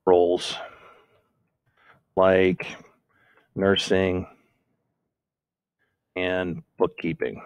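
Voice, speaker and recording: A man with a very low voice walks through an outline as he types it, thinking aloud and fixing his own slips as he goes. The sound is dry and close, as from a desktop mic with no room around it. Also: completely flat delivery, drawn-out words, long pauses, smooth, dry recording. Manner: thinks aloud, self-corrects while typing. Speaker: teacher. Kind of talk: screen-recorded lesson on outlining notes.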